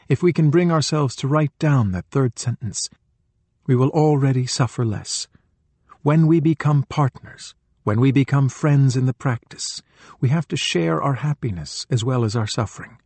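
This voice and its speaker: A middle-aged man narrates a spiritual audiobook in a gentle, measured manner. His voice is slightly husky and sits at an ordinary pitch. The studio recording is close and dry. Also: lively intonation, no room sound. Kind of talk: calm scripted narration of a spiritual book.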